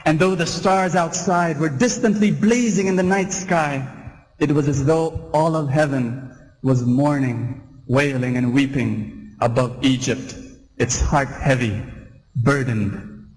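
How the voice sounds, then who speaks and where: A man preaching a sermon, who reads Bible verses and breaks in with playful, animated asides. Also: mid-range voice, slow pace, big-room sound, poor audio.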